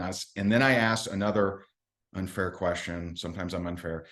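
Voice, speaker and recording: Low-voiced chatty male trainer. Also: fairly even intonation, brisk. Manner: chatty, self-mocking, acts out quotes. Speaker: network marketing trainer. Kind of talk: storytelling training talk.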